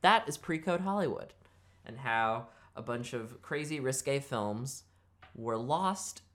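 A woman's voice: a bass voice, animated, takes it slowly, fairly bright tone. Casual, swearing podcast co-host woman. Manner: reads prepared history with casual asides and swearing. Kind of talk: casual podcast chat, reading notes.

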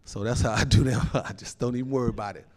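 A male pastor preaching a sermon in an animated, folksy way, laughing often and calling out to the congregation. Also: medium pitch, quick pace. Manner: folksy informal phrasing.

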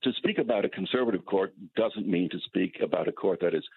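A man, a legal scholar guest, explaining constitutional questions in a measured, lecturing way over a phone-line interview. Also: low-pitched, slight background noise.

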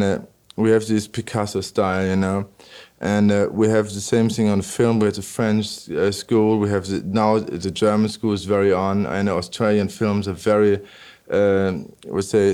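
A man being interviewed about his work as an electronic musician, answering in halting non-native English with constant "you know" fillers and many restarts. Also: fairly low pitch, flat delivery, a little mellow, clean tone.

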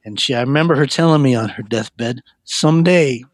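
Man, mid-range voice, earnest storyteller, halting repeats, dry booth-like sound. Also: mid-range voice, no echo. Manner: earnest, frequent stammered repeats. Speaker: guest sharing his life story. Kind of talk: personal testimony storytelling.

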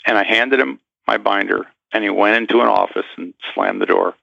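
A man's voice: on the low side, brisk, vocal fry, no echo, dull audio. A man guest in an interview, telling a story with animation and acting out the voices of the people in it.

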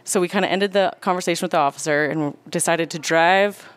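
Woman, hunter and nurse, low voice, rapid storyteller, animated. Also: clear, resonant tone. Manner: animated, quick, acts out quotes. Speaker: guest storyteller. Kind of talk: casual storytelling.

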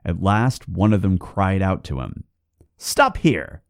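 A man hosting a podcast, reading a folk tale aloud with expressive storytelling. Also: deep voice, measured pace, creaky, no room sound, clean studio sound.

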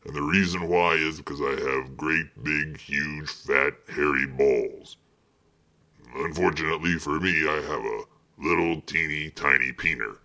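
A man calling in a voicemail, putting on a crude, boastful, mock-seductive deep voice. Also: unhurried, sharp tone, full character voice. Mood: mock-sexy. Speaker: voicemail caller.

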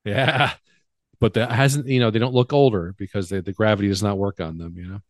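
A man's voice: on the low side, steady tone, a little fast, no echo. Chatty middle-aged man, dry close sound. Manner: rambling, chatty, drifts off mid-thought. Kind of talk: casual chat about a film.

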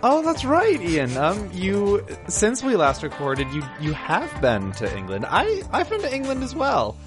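Chuckling male podcast host, very lively pitch. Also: unhurried, over music. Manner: wry, chuckling, hesitant fillers. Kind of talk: casual chat.

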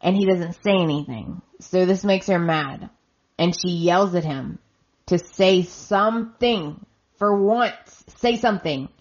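A woman with a lowish voice, chatting through a soap opera recap at an unhurried pace. She keeps slipping into "she's like" as she retells each scene. The recording sounds dull and lo-fi. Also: a little mellow. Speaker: podcast host.

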